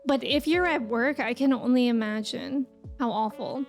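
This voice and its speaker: Young woman, streamer, casual chat, giggly, high voice, faint background music. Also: moderate pace. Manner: chatty, giggly, reads out viewer comments. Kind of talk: casual chat with live viewers.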